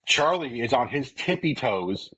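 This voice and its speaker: A man on a podcast, casually telling an excited story with plenty of swearing and quoted lines of his own. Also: mid-range voice, unhurried, low-quality recording. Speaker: podcast co-host.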